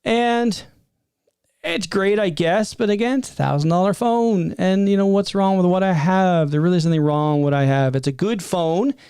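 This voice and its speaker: A man in his fifties giving a rambling, animated spoken reaction from his desk, with exasperated asides. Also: sits high, normal speed, clean tone, no echo, studio quality. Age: 50s. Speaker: tech streamer. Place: at a desk before a green screen.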